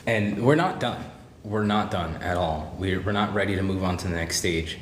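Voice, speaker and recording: A man teaching a drawing demonstration, relaxed and encouraging, thinking aloud as he draws and repeating key points. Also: sits low, normal speed. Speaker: art teacher. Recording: roomy with faint background noise.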